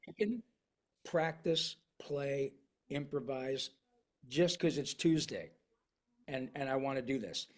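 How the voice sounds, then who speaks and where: A man talking as a voice actor in a casual interview, animated and slipping into voices to show his points. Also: mid-range voice, takes it slowly, pauses often. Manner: animated, slips into voices and dialects to demonstrate.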